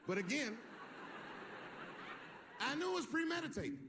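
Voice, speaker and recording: A man's voice: extremely high pitch, big pitch swings, a little slow. A man performing a stand-up comedy routine on stage, telling a story animatedly and acting out the people in it. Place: stage before a live audience. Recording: live stage recording with audience noise.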